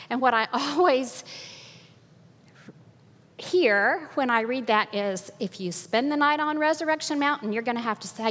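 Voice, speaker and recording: A woman's voice: fairly high pitch, fairly bright tone. An older woman giving an earnest, sermon-style talk with slides, telling stories with a laugh, in a hall with long reverb. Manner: earnest, preachy storytelling with laughs.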